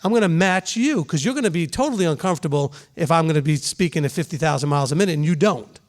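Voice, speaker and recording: High-voiced man preaching conversationally. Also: expressive. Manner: conversational preaching, asks the room questions, voices quick examples. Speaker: rabbi teaching a congregation. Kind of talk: sermon.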